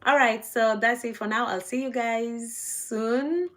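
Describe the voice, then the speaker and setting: A woman hosting a casual livestream. She sounds sleepy and unhurried, trailing off with "yeah" between thoughts. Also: on the high side, a bit bright. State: sleepy, low energy. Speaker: livestream host.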